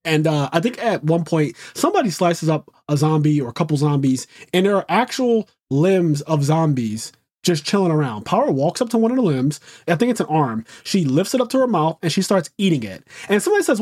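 A man co-hosting a casual chat, talking in an animated way, swearing and acting out quotes. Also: a little high, brisk, few pauses, dry recording, clean studio sound. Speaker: podcast co-host.

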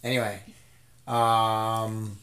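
A man's voice: fairly low pitch, flat delivery, extremely slow, a bit bright, clear, resonant tone. A man in his thirties hosting a casual podcast from home, talking loosely and rambling, with some swearing. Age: 30s. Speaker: podcast host. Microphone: desk mic.

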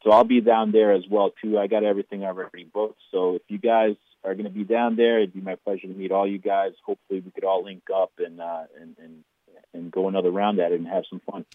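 Deep-voiced man with a thick Boston accent. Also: level tone, fast talker, no room sound, phone-quality sound. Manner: friendly, eager, with frequent restarts. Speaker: guest, lawn care business owner. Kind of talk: casual interview chat.

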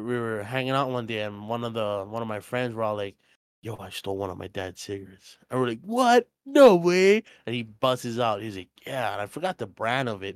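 A young man telling a casual, profanity-filled story on a podcast, quoting people in animated voices. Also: mid-range voice, clear, resonant tone, no room sound. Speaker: podcast co-host. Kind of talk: casual chat.

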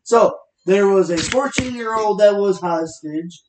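A woman's voice: mid-range voice, measured pace, darkish tone, a little hiss or hum. Blunt, cursing woman in an echoey room. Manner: blunt, argumentative, swears a lot, a bit tipsy. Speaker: podcast co-host. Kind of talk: casual chat.

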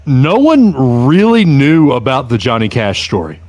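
Guy with a higher voice talking slow, animated and halting, dry close sound. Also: no echo. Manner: animated, halting, restarts a lot. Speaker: co-host. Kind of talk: casual chat.

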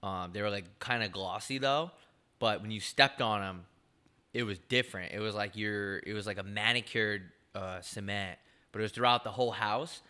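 Young male podcast co-host, bright tone, crude joking banter. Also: on the low side, moderate pace.

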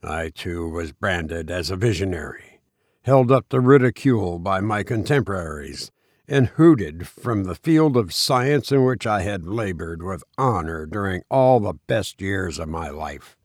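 A man reading the lines of a bitter, reclusive older scientist in a slow, low, subdued voice. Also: animated, no room sound, clean studio sound.

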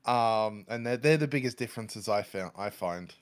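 A man's voice: on the low side, expressive, normal speed, clear, resonant tone. A man with an Australian accent chatting casually, easygoing and self-aware. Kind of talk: casual chat.

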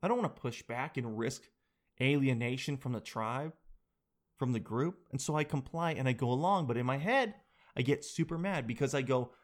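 A man in his thirties telling a self-deprecating comic story in casual chat, with lots of animated quoted voices. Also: medium pitch, normal speed.

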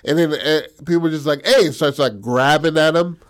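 A man's voice: a little high, normal speed, smooth. A man in casual chat, retelling a film story in slangy, profane talk full of fillers. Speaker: co-writer pitching a film story.

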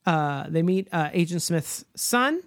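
A man's voice: fairly high pitch, expressive, measured pace, no room sound, studio quality. Rambling joking podcast guy. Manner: joking, rambling, many ums and uhs. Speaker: podcast co-host. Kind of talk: casual podcast chat recapping a film.

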